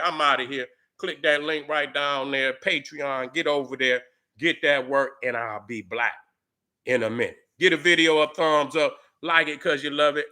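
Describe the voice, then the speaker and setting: A middle-aged man giving heated, profane commentary to his viewers, angrily shouting back at commenters. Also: fairly high pitch. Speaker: YouTube commentator.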